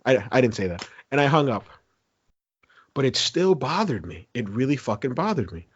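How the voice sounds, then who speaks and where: A man's voice: medium pitch, normal speed, slightly rough. A man with a mid-range voice co-hosts a casual podcast, recorded on muffled lo-fi audio. He spins a long complaint with plenty of swearing and acts out his own lines. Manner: animated, profane, acts out his own quotes. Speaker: podcast co-host. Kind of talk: casual storytelling chat.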